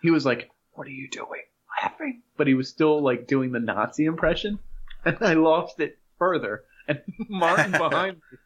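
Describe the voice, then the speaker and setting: A man's voice: fairly high pitch, normal speed, fairly bright tone. Man, 30s, podcast co-host, laughs through anecdotes, muffled lo-fi sound. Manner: laughs while telling stories. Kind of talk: casual chat. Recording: dull lo-fi sound.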